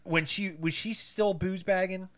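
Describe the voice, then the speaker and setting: A man's voice: high voice, fairly even intonation, fairly bright tone, clear, resonant tone, no echo. A man co-hosting a podcast in casual comedic chat, wisecracking and swearing. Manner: wisecracking, swearing, quick to laugh. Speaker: podcast co-host.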